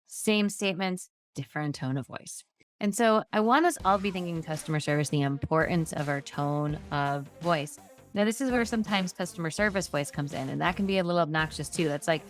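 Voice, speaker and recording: A woman's voice: low voice, brisk, faint music behind. A woman giving a conversational, practical training talk on customer service. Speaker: insurance agency trainer.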